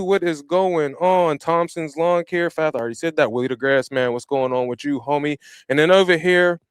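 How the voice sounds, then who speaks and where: A man hosting a live podcast, chatting casually and giving energetic, slangy shout-outs to viewers from a home podcast room. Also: on the high side, clear, resonant tone, no echo. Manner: slangy and informal. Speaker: podcast host. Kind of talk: live-stream podcast chat.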